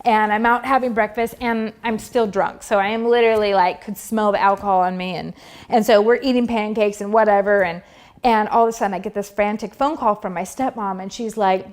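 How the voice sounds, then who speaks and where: A woman's voice: mid-range voice, steady tone, brisk. A woman telling her personal faith testimony in a chatty, casual way, full of fillers and acting out her own past thoughts. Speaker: Christian testimony speaker.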